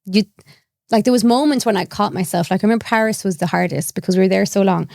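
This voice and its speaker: Irish woman, young adult, comedian guest; gravelly voice, dry close mic, animated storyteller. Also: medium pitch, quick pace, no room sound. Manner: animated, acts out quoted voices, laughs often. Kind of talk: candid storytelling.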